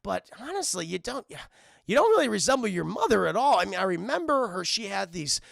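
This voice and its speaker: A man voicing a pompous, self-styled god villain in a booming, theatrical voice. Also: big pitch swings, fairly quick, gravelly, fairly bright tone, no room sound, clean studio sound, heavily acted. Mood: musing.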